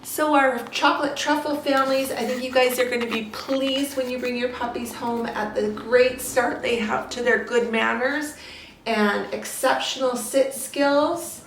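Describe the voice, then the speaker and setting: A woman breeder explaining puppy training calmly, switching to high sing-song praise for the puppies. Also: measured pace, recorded from a distance, a little hiss or hum. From Canada. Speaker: dog breeder. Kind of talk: casual training demonstration. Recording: echoey room, voice off-mic.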